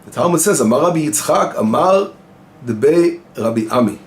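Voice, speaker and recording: A man's voice: fairly high pitch, lively intonation, normal speed. A male rabbi giving an informal Torah lesson, explaining Hebrew phrases and translating them as he goes, asking questions and answering them himself. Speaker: rabbi teaching the weekly Torah portion.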